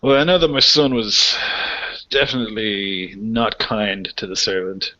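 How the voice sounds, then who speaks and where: A man voicing a gruff chieftain, Ostvig. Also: on the low side, measured pace, pushed and bright. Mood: weary. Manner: coarse, curses bluntly. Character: gruff hungover chieftain, grieving father. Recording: lo-fi, dull recording.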